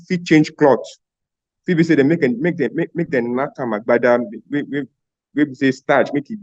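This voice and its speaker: A man's voice: mid-range voice, darkish tone, no echo, lo-fi sound. A man from Edo State speaking with a Nigerian Pidgin accent, a studio guest answering at length with frequent restarts and fillers. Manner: halting, with many restarts and fillers.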